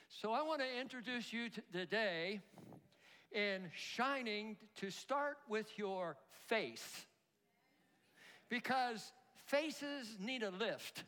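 A man preaching a sermon as pastor, animated, leading the congregation in call-and-response. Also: sits high, a little slow. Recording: long hall reverb.

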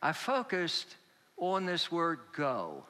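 A male pastor preaching a sermon, telling a personal story slowly and acting out the dialogue. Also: on the high side, wildly swooping pitch, bright, forceful tone, big-room sound. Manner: slow, storytelling, acts out dialogue.

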